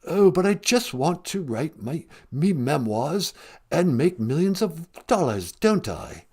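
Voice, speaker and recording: A man's voice: on the high side, very animated, takes it slowly, darkish tone, slightly rough, pitched below the performer's own voice, heavily acted. A man voicing a whiny, self-pitying young English prince in a put-on English accent. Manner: plaintive, whining.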